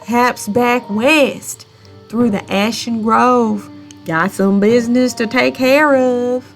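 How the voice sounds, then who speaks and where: A woman's voice: a little high, fairly even intonation, slow, faint music behind. A woman voicing a guarded, lone-wolf brawler with a Southern country accent and curt, clipped replies. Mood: gruff.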